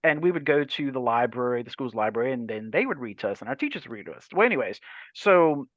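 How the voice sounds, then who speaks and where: This guest author, a forties-something man from Louisiana, swaps stories on a laid-back podcast, voicing the characters in his tales and cursing openly. His medium-pitched delivery is fast, with no room sound and lo-fi quality.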